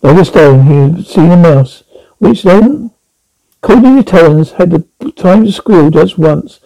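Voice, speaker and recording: Man, storybook narrator, high gravelly voice, mellow tone, halting reading. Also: rough recording. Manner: halting, with frequent slips and restarts. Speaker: audiobook reader.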